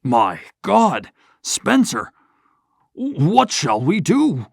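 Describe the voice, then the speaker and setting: Trembly old banker guy, voice pushed up high and shaky, narrator doing it. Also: lively intonation, moderate pace, no echo, studio quality. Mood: shaken. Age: older. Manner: shaky, groaning. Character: old male banker, proud, shaken. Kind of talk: audiobook character voice.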